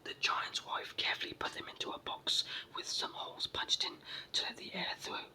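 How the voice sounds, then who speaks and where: Whispered role-play storyteller with a cold. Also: poor audio. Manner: soft, measured story reading. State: sore throat and cold.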